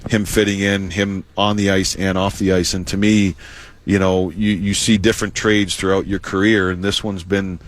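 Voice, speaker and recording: A man, a hockey head coach, giving measured interview answers with lots of "you know" and "uh". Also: deep voice, flat delivery, slight background noise.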